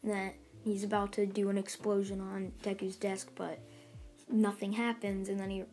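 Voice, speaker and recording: A woman's voice: mid-range voice, flat delivery, moderate pace, a little mellow, faint music behind. A woman casually retelling a fan story, rambling along with lots of fillers and restarts.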